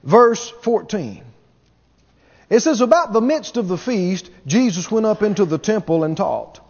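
A man's voice: high-pitched, animated, unhurried, a little mellow, in a large hall, muffled recording. A man preaching a sermon to a congregation, asking them questions as he goes. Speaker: pastor.

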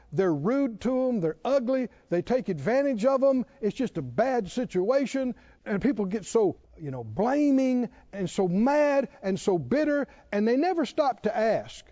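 Male preacher, high lively voice that climbs and dips, muffled lo-fi sermon recording, fires rhetorical questions at the room. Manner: asks the congregation pointed rhetorical questions.

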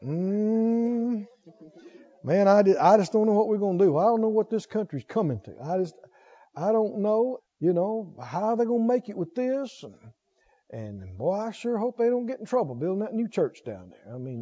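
A man's voice: high voice, big pitch swings, normal speed, warm tone. A man voicing a gloomy, grumbling man who frets over everything, mumbling doubtful complaints and sighing, on a dull lo-fi recording. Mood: gloomy fretting.

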